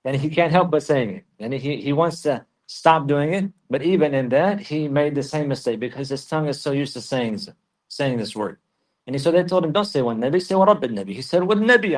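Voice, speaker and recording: A man giving a religious lesson, explaining in a measured way and repeating key phrases for emphasis. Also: medium pitch, a little mellow. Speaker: religious teacher.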